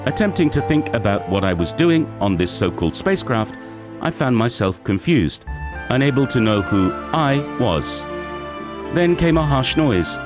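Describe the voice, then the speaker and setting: A man reading a short story aloud in the first person of a confused, newly awakened android, in a measured, deliberate way. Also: mid-range voice, big pitch swings, lightly acted. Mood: bewildered. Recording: music playing underneath.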